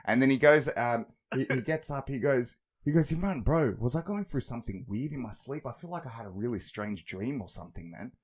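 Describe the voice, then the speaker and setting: A man's voice: mid-range voice, fairly quick, hardly any pauses, husky. A young man in casual chat, telling stories with swearing and acted-out quotes. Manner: animated, swearing, acts out quoted voices.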